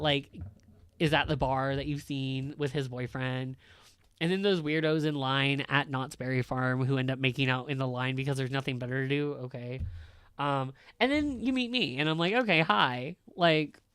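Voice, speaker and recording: A man's voice: on the high side, fairly bright tone, clean tone, no room sound, studio quality. Blunt, profane man teacher ranting. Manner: candid, blunt and profane, filler-heavy. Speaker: high school teacher. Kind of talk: casual ranting chat.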